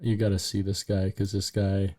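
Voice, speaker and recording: A man's voice: sits low, little pitch movement, normal speed, mellow. A man co-hosting a podcast in casual chat, talking in a loose, filler-heavy way and joking crudely. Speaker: podcast co-host.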